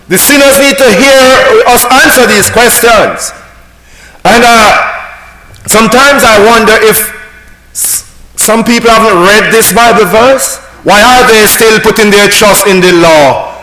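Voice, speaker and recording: A man preaching a sermon, reading verses slowly and pressing the congregation with emphatic questions. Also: very high voice. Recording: echoey hall with faint noise.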